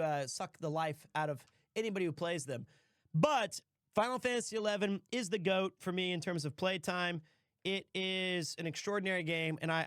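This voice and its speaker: Profane joking streamer man, high voice. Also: no room sound, clean studio sound. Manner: profane, joking banter with laughs. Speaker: streamer host. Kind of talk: casual stream chat.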